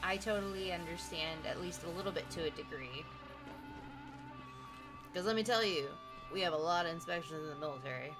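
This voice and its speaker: A woman's voice: on the low side, fairly quick, pauses often. A young woman streamer chatting casually with her viewers, rambling and reacting to their messages. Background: music playing in the background.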